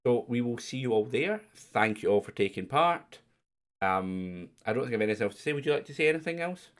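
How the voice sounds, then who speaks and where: Rambling quiz host. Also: male voice, medium pitch, expressive, brisk. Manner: rambling, self-interrupting, joking. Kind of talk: casual livestream chat.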